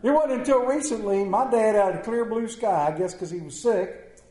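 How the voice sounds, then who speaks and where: Animated male pastor in an echoey church. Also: high-pitched, normal speed. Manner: animated, swinging between loud emphasis and quiet asides; joking with the congregation. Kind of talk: sermon. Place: church sanctuary.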